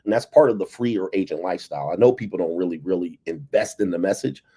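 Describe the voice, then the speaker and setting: An American man talks casually to his livestream audience, his low voice dark and mellow. He drops "all right" between nearly every phrase and chuckles to himself as he goes. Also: fast, husky. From United States. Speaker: livestream host. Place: abroad, indoors.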